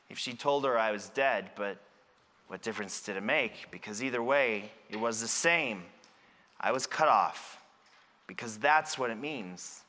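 A man's voice: on the high side, sharp tone. A man playing a Samaritan leper in a first-person sermon monologue, telling his story earnestly and with emphasis. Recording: long reverb in a large hall.

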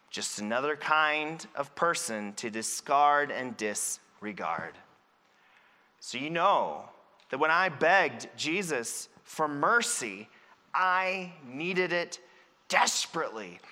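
A preacher as an outcast Samaritan leper. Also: male voice, high-pitched, bright, forceful tone, exaggerated voice. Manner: earnest, emphatic storytelling. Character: grieving Samaritan leper man, outcast and earnest. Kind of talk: first-person dramatic sermon monologue. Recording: long reverb in a large hall.

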